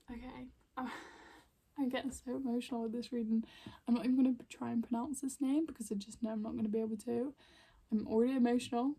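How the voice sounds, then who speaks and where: Young woman pulling oracle cards at home, breathy and mellow, kinda flat delivery. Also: a little high, fast. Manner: soft, emotional, rambling with many fillers. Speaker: spiritual card reader. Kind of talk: intuitive oracle card reading. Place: home room with plants.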